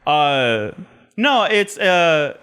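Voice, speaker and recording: Male co-host, fairly high voice with wide swings, halting casual delivery. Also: sing-song, fairly bright tone, clean tone. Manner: halting, searching for words. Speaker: podcast co-host. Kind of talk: casual chat.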